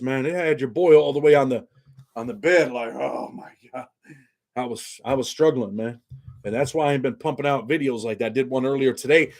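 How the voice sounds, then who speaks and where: A man hosting a casual livestream, talking bluntly in street slang. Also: mid-range voice. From New York. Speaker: channel host.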